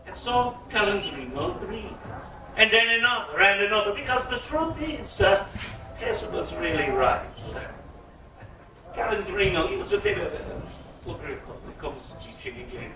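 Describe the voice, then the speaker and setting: A man telling a bawdy comic tale to a live audience in a playful, drawn-out way. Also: high-pitched, lively intonation, pushed and bright, slight background noise. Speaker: storyteller. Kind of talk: live storytelling performance. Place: live concert venue. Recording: roomy echo, mic at a distance.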